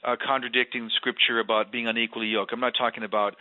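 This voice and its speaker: A man's voice: medium pitch, level tone, fast talker. A man, a former mayor, speaking as a guest in an earnest, emphatic faith conversation. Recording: tinny phone-line sound.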